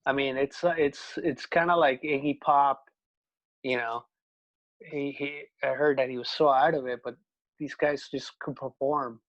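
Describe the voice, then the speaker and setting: A man hosting a casual fan talk show, enthusiastic and quick to react to his guest's stories. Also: mid-range voice, fairly even intonation, a bit bright, lo-fi sound. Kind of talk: casual interview chat.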